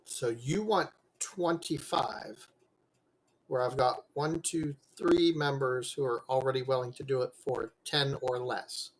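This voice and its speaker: A man voicing an earnest male merchant patron who bargains in a steady, insistent way. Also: mid-range voice, measured pace, lightly acted, poor audio. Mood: firm. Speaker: game master.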